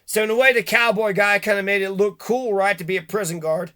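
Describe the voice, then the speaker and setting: Brief: male commentator, high pitch, profane and animated, casual monologue. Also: a little fast.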